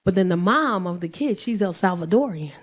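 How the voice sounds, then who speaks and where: A woman in her forties doing profane stand-up comedy, telling animated stories with loud shouted bursts. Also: medium pitch, fairly quick. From Belizean and Nigerian heritage. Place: comedy stage with live audience.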